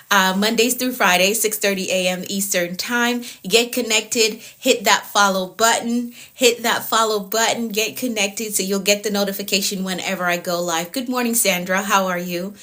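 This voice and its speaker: Woman, middle-aged, livestream life coach; upbeat, repetitive greetings, slight hoarseness. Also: medium pitch, pushed and bright. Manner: upbeat, repeats phrases, greets viewers by name. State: voice getting hoarse. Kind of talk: casual livestream chat greeting viewers.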